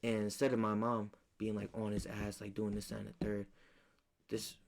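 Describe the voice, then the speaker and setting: Young man, low voice, slangy chat. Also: completely flat delivery, normal speed, gravelly. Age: young adult. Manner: slangy, profane, candid storytelling. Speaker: podcast co-host. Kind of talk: casual chat.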